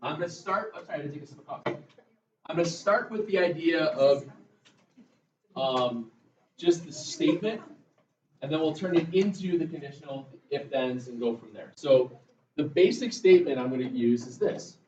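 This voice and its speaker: A man's voice: fairly high pitch, expressive, moderate pace, a little mellow, far from the mic, slight background noise. A male math teacher, giving a casual, chatty classroom lecture and telling stories to his students. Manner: conversational, tells stories to the class. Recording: roomy classroom, voice from afar, dull sound.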